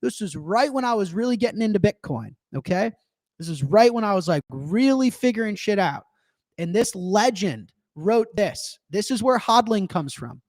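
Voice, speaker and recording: A young man with a notably high voice hosts a live show. He talks in loose, animated bursts and swears freely. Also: moderate pace. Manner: animated, profane, excitable. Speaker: livestream host. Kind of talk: casual live-show rant.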